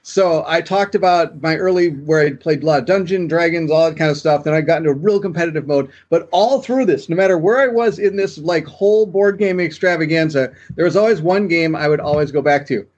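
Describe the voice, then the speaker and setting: A man with a husky, slightly raspy voice chatting on a stream and rambling through his gaming history. He is heard through a dull, lo-fi mic. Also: a little high, a little fast, hardly any pauses, darkish tone. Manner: enthusiastic, rambling storytelling. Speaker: co-host. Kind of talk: casual chat on a gaming stream.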